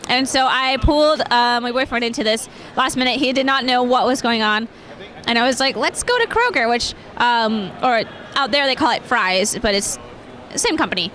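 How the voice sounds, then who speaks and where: A woman's voice: fairly high pitch, normal speed, fairly bright tone. A young woman answering interview questions at a convention in a chatty way, with many fillers and frequent laughs. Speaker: cosplayer guest.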